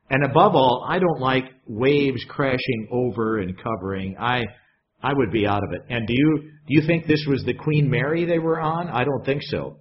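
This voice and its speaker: This sermon comes from a male pastor with an animated, mid-range voice at a moderate pace, who keeps things conversational and frequently asks the congregation questions. The dull lo-fi sound carries slight background noise.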